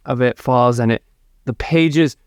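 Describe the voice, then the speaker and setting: A man narrating an improvised comedy adventure, pausing and restarting often. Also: mid-range voice, clear, resonant tone, dry recording, studio quality. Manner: hesitant, halting narration. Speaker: improv comedy podcast co-host. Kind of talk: improvised storytelling.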